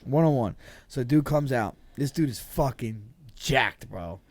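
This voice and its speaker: A man from New Jersey, a former football player guesting on a podcast, telling stories in a swearing, animated, stumbling way. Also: mid-range voice, no room sound. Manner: profane, animated storyteller with quick restarts. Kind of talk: casual storytelling chat.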